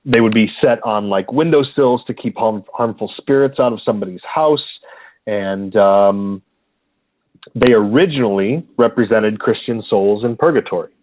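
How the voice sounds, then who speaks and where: A man's voice: fairly low pitch, moderate pace, no room sound. A man co-hosting a podcast in casual chat, easygoing and hesitant, with many filler words. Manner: hesitant, lots of ums, easygoing. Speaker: podcast co-host. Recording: dry, phone-like narrow sound.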